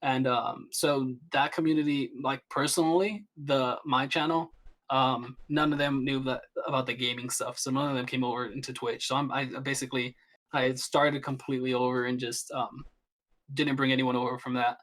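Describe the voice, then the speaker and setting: A man's voice: medium pitch, steady tone, moderate pace, fairly bright tone. A young man chatting as a podcast guest, rambling with many restarts and fillers. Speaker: guest streamer. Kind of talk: casual podcast chat.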